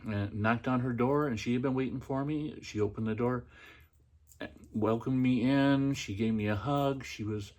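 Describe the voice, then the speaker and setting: A man's voice: mid-range voice, moderate pace, a little mellow. A middle-aged man hosting a podcast, telling a personal story in a casual, chatty way with many fillers and restarts. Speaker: podcast host.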